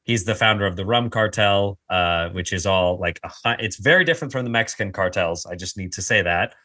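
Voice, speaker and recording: A man's voice: low voice, fairly quick, pushed and bright, dry recording, clean studio sound. A man hosting a podcast in casual chat, rambling and joking, often correcting himself mid-sentence. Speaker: podcast host.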